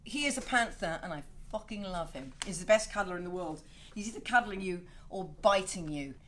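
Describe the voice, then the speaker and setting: A middle-aged woman hosting her own home video show, chatty and swearing freely with animated asides. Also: medium pitch, a little fast, slight background noise. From Wales. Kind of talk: casual home video chat. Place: home, indoors.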